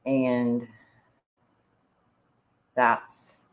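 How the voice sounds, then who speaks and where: Very low-voiced chatty woman. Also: monotone, very slow, low-quality recording. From Indiana. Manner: chatty, laughs often, says "like" a lot. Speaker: podcast co-host. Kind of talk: casual chat.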